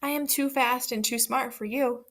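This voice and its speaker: A woman voicing a boastful runaway male pancake who shouts his brags in a storybook read-aloud. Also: high-pitched, steady tone, moderate pace. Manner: shouting, bragging.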